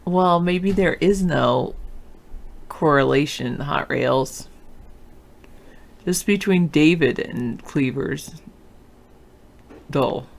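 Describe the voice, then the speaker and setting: Creaky-voiced casual show host. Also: medium pitch, very slow, pauses often. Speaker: teacher hosting a political talk show. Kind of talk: casual chat, reading and answering viewer comments.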